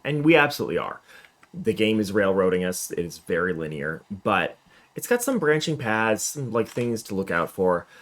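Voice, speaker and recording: A male gaming streamer chatting casually through a let's play, self-mocking and upbeat. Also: on the low side.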